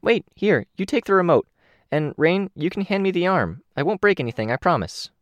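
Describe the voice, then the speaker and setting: A man voicing a bossy, teasing young teenage girl in an audiobook, impatient and bright. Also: sits high, big pitch swings, a little fast, dry recording, pitched above the performer's own voice. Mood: eager.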